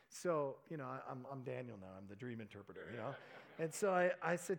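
A man's voice: medium pitch, lively intonation, fast, gravelly. A man preaching by telling a personal story, chatty and anecdotal, with self-deprecating asides. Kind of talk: sermon storytelling.

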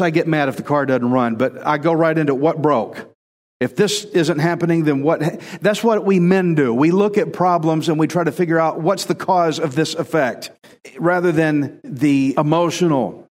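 A man preaching in a relaxed, chatty way, his voice sitting a little higher than most men's. He is animated and doubles back on words to drive home a point. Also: in a large hall. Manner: animated, repeats words for emphasis. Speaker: pastor. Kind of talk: conversational sermon.

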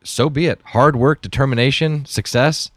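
A middle-aged man from Texas, a chef telling an earnest, animated story to an audience, with many fillers and restarts. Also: medium pitch, normal speed, no echo, clean studio sound. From Dallas, Texas. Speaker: chef giving a talk.

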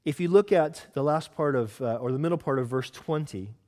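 A man preaching a sermon as pastor, earnest and teaching, asking the congregation questions and slowing down to stress scripture. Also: on the high side, a little mellow. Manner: stresses key words, slows down for scripture.

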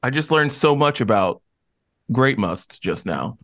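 A man co-hosting a casual podcast, teasing his co-hosts in an excitable way. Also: mid-range voice, unhurried, no echo, studio quality. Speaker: podcast co-host. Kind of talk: casual chat.

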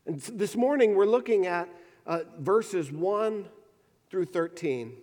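Brief: earnest male preacher, high voice, stumbles and repeats words, in a church sanctuary. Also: expressive, unhurried, darkish tone, long reverb tail. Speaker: pastor. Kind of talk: sermon.

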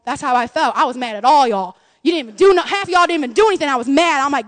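A middle-aged woman pastor preaching an impassioned sermon, swinging between loud cries and hushed, intimate tones. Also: high-pitched, expressive, racing, few pauses, no room sound.

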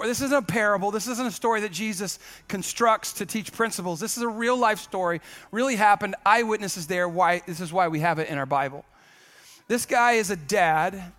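A man preaching a sermon as pastor, lively and joking, calling out to the congregation. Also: high-pitched.

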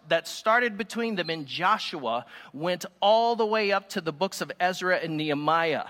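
A man preaching a sermon to a room of listeners, telling stories with lively emphasis. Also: high-pitched, big-room sound. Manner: animated, emphatic storytelling preaching.

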